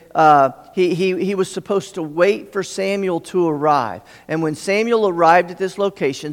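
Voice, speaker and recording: A man's voice: high-pitched, creaky. A man preaching a sermon, retelling a story earnestly and often restarting his phrases. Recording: long hall reverb.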